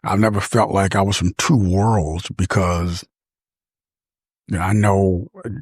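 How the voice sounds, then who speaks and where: A very low-voiced man from talks through a reflective personal monologue. His husky voice moves at an unhurried pace, and he often pauses to find his words. The sound is close and dry. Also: fairly even intonation, darkish tone, no echo. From Michigan, USA. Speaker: podcast speaker.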